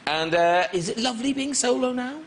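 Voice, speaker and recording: A man's voice: very high voice, animated, a little fast. Chatty man hosting a talk show. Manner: chatty, teasing. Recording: studio audience and room noise.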